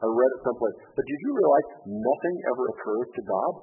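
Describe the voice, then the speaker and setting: A man preaching a sermon as pastor, moving from quiet reflection to loud, emphatic rhetorical questions. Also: medium pitch, animated, fast, soft background music. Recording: tinny phone-like radio broadcast.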